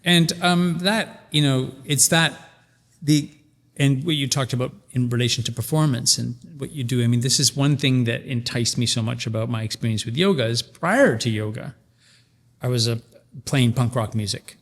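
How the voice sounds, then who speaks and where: A man's voice: medium pitch, moderate pace, big-room sound. A man in his sixties hosting a podcast, talking reflectively with frequent restarts as he searches for words. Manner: thoughtful, searching, many restarts. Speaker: podcast host. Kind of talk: casual conversational interview.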